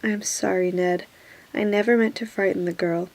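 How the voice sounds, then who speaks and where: A woman voicing a gruff, irritable king in a whispered role-play. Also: medium pitch, fairly even intonation, moderate pace, lightly acted, poor audio. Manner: soft whisper.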